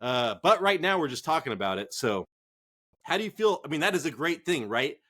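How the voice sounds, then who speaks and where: A man co-hosting a casual fantasy football chat, profane, excitable and rambling. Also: a little high, fairly quick. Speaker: fantasy football podcast co-host.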